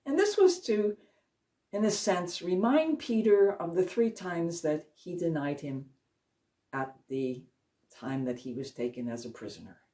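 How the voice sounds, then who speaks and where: A woman's voice: fairly low pitch, animated, mellow. Earnest woman retelling scripture, slightly distant. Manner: earnest retelling, slows for emphasis. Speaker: Christian speaker. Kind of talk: storytelling devotional talk. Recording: voice a little distant from the mic.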